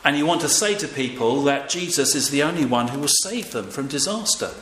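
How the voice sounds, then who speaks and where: An older man gives a brisk, conversational sermon in a fairly high, fairly bright voice with lively intonation. He uses fillers and keeps asking the congregation to respond, in an echoey room with faint ambient noise.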